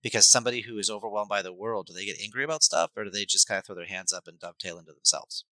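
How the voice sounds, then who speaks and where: A man, a life coach and hypnotherapist, explaining his ideas in an animated, coaching way as a podcast guest. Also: lowish voice, racing, dry recording, rough recording. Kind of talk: podcast conversation.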